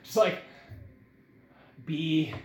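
Excitable young man, echoey room. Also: a little high, very slow. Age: 20s. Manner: rambling, excitable, heavy swearing and "like" fillers. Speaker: son talking with his father. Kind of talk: casual heart-to-heart conversation. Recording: roomy echo with faint noise.

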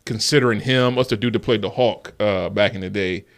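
A man's voice: on the low side, brisk. A man co-hosting a podcast, chatting about movies in a loose, rambling way with lots of ums and restarts. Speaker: podcast co-host. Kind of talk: casual movie chat.

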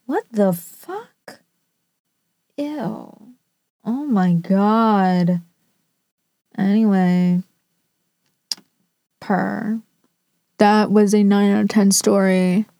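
A woman reacting to read-out stories in a slow, unhurried drawl, blunt and sarcastic and quick to swear. Her voice is mellow and close, with a dry, deadened sound. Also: medium pitch, vocal fry, no echo. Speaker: storytime reactor. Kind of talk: casual commentary on read-out stories.

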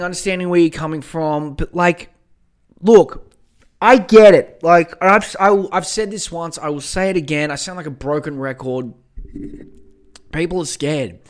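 A man's voice: a little high, a bit bright. A young man hosting a solo podcast on a home mic, ranting bluntly with plenty of swearing and rambling. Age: young adult. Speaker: podcast host.

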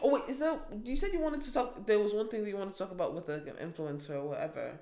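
A woman's voice: mid-range voice, very fast, mellow. A young woman with a British accent co-hosting a podcast, laid-back, giving short replies and laughing often. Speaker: podcast co-host. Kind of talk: casual chat.

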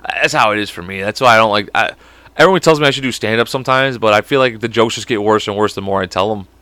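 A man's voice: on the low side, pushed and bright, clear, resonant tone, no room sound. A young man hosting a podcast, rambling in casual chat, swearing often and breaking into laughter. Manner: profane, rambling, quick laughs. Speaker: podcast host.

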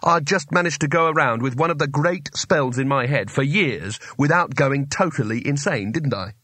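A nervous, short-tempered young wizard, as a male narrator puts him on snaps his lines with a lively, swinging pitch. The storybook sound is dry and close, with no room around it. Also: normal speed, no echo. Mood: muttering. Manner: sharp, snapping when annoyed.

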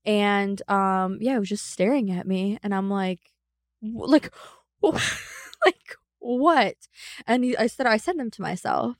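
A young woman talks in a blunt, profane, rambling way, stacking fillers as she tells a story to her co-host. Her voice sits at an ordinary middle pitch. The sound is dry and close, with little room in it. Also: a little slow, no room sound. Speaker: podcast co-host. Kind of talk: casual podcast chat.

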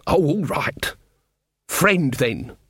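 A man voicing a bossy old village witch who is also a mother, talking in a brisk, scolding way. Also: a little high, sing-song, fairly bright tone, breathy edge, exaggerated voice.

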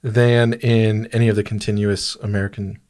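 A man's voice: lowish voice, flat delivery, normal speed, darkish tone. A man co-hosting a podcast in casual chat, rambling and restarting his sentences, laughing at his own jokes. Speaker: podcast co-host.

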